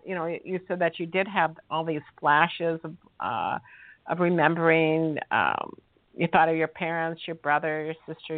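Calm interview host on a phone line. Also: medium pitch, no room sound. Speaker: radio show host. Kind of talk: interviewing a guest.

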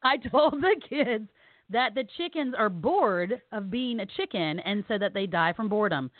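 A woman co-hosting a podcast, healing from surgery and on painkillers, chats casually through funny family tales, laughing and dramatizing the quotes. She speaks mid-range at a moderate pace, with no room sound on a thin, phone-like connection.

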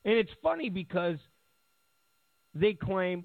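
A man with a gravelly voice talks slowly and mockingly, repeating himself and chuckling as he goes. His pitch swings widely. The sound is thin and phone-like. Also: big pitch swings, dry recording. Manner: mocking, repetitive, laughs at his own points. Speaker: political commentary host. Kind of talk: casual political commentary. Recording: tinny phone-like audio.

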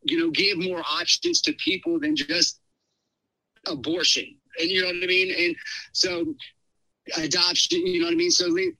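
A middle-aged man telling a personal story in a casual podcast chat, rambling and animated, with many fillers. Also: sits high, moderate pace, vocal fry, no room sound, rough recording. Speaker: podcast guest.

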